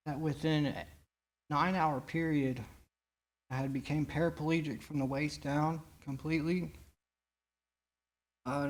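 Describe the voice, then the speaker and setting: A man stands before a church recovery meeting and tells his own testimony. His voice sits a little high for a man. He speaks earnestly and haltingly, often restarting his sentences as he goes.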